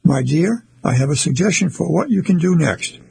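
A husky-voiced man reading the part of a gentle older woman who quotes poetry, speaking slowly and tenderly. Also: fairly high pitch, expressive, heavily acted.

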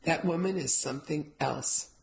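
A woman voicing a warm, doting middle-aged mother with fond, sighing speech. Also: sits low, normal speed, vocal fry, poor audio.

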